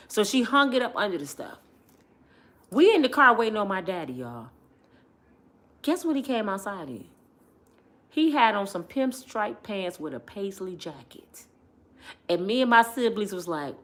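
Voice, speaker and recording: A middle-aged woman telling family stories in a casual vlog, lively and chatty, laughing often and talking straight to her viewers. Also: mid-range voice, unhurried.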